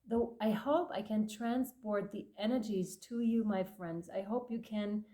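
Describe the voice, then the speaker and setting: A woman giving a tarot reading to her viewers, effusive and emotional, laughing often and addressing listeners warmly. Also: mid-range voice, slow pace. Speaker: tarot reader.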